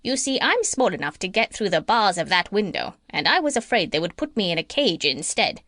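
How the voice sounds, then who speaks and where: A woman's voice: medium pitch, sing-song, brisk, fairly bright tone, no room sound, studio quality. A woman voicing a clever, self-assured female parrot in a storybook reading. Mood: explaining. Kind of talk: storybook narration.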